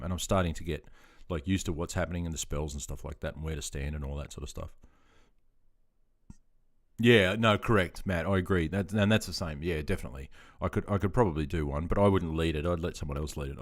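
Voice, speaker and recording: An Australian man in his fifties, chatting in a rambling, self-deprecating way while reading out chat on a gaming live stream. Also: low-pitched. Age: 50s.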